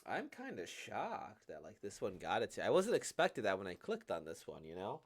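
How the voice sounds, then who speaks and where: A man's voice: on the low side, wildly swooping pitch, moderate pace. A man hosting a casual manga reading reaction, hesitant and full of fillers, laughing often.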